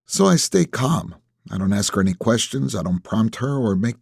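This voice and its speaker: A man reads a first-person audiobook in a low, husky voice. His delivery is measured and terse. The recording is dry and close. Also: lively intonation, darkish tone, no echo. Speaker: audiobook narrator.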